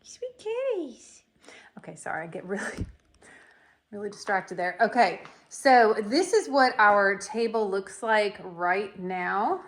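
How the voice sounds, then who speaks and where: A woman's voice: medium pitch, unhurried, a bit bright, a little hiss or hum. A middle-aged woman, talking bluntly and casually while decorating her home for a vlog. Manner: bold and blunt, folksy.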